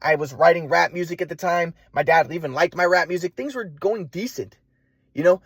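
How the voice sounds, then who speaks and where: A man's voice: a little high, a little fast, breathy edge, no room sound. A young man telling his own story in a rambling, profane monologue, full of restarts and repeated words. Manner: profane, restless, many restarts. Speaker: vlogger.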